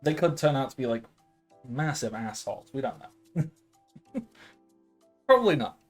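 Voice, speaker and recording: A man's voice: mid-range voice, big pitch swings, moderate pace, faint music behind. A man in his late twenties running a tabletop game as game master, rambling with lots of filler sounds and frequent laughs. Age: late 20s. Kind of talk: casual tabletop game narration.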